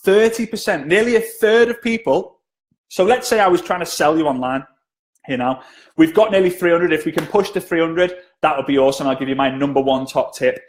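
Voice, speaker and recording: A man's voice: on the high side, fairly quick. A man giving a live-streamed sales training talk, chatty and jokey, often asking viewers to comment.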